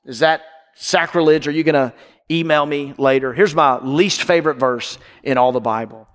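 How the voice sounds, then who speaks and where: A man preaching a sermon from the pulpit, emphatic and repetitive, swinging between loud and hushed. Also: a little high, normal speed, in a large hall. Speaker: pastor. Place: church with balcony.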